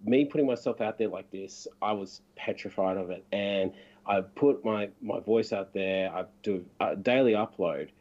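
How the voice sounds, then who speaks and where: A man's voice: on the low side, moderate pace, a little mellow, muffled recording. A man co-hosting a casual live podcast, talking earnestly and encouragingly, with lots of "like" and "you know". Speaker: podcast co-host, vlogger.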